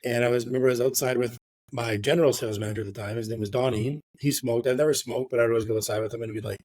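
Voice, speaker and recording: Middle-aged man, casual storyteller on a podcast; mid-pitched, rambling, filler-heavy, a bit of swearing, dry close sound. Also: fairly even intonation, very fast, a little mellow, no room sound. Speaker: real estate agent guest.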